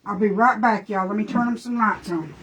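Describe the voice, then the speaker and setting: A woman's voice: mid-range voice, fairly quick, a bit bright, a little hiss or hum. A woman chatting folksily through a live makeup demo, talking to her dogs between steps.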